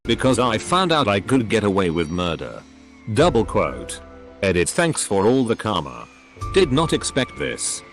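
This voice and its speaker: A man's voice: on the low side, wildly swooping pitch, measured pace. A man reading forum posts aloud, speaking punctuation marks as words. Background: faint background music.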